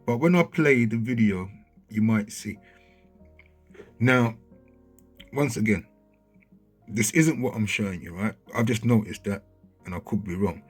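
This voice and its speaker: Husky man excitedly narrating footage. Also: on the low side, unhurried, long pauses, faint music behind. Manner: excitable, keeps checking in with listeners. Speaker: video commentator. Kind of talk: casual commentary over footage. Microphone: handheld mic.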